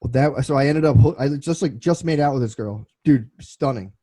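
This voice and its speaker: A man's voice: mid-range voice, brisk, warm tone, no echo, poor audio. A man in his twenties co-hosting a casual podcast, telling loose, profane stories full of restarts. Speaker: podcast co-host.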